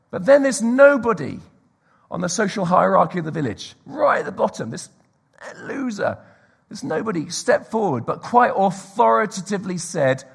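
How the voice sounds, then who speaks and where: A man preaching a sermon, telling stories and dropping to a hushed whisper for emphasis. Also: sits high, big pitch swings, normal speed, creaky, husky.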